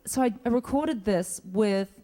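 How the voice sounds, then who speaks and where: A woman's voice: fairly high pitch, animated, unhurried, mellow. Chatty woman fielding fan questions. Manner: chatty, laughs often, rambling asides. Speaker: convention guest answering fan questions. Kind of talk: casual stage Q&A. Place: convention stage before an audience.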